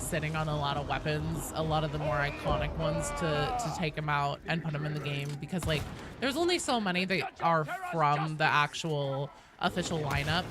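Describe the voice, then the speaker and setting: A chatty gaming streamer talking to chat in a deliberately raised voice that swings animatedly up and down. Music plays clearly underneath. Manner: chatty, reads and answers chat; talks in a raised pitch on purpose to avoid vocal fry. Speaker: gaming livestream host. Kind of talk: casual live-stream chat while gaming.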